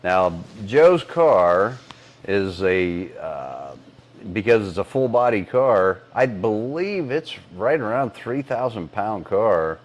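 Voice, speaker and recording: A middle-aged man co-hosting a podcast, explaining engine parts in casual technical shop talk, rambling with many fillers and frequent throat clearing, on a collar lapel mic. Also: lowish voice, very animated, slow pace. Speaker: engine builder and podcast co-host.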